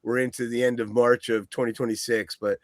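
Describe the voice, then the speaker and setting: A man from the US East Coast, appearing as a podcast guest, talks about a record in a rambling, profane way, laughing often. He speaks fairly quickly in a mid-range voice with little pitch movement, recorded at studio quality without room sound.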